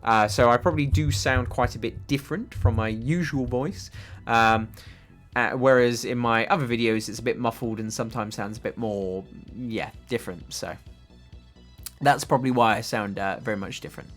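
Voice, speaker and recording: A man's voice: mid-range voice, moderate pace, a bit bright. Young male streamer, casual and rambling, reads chat aloud over a desk mic, faint background music. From England. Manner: chatty, rambling, with frequent fillers. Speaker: livestream host. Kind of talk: casual livestream chat reading viewer comments. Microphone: desk microphone.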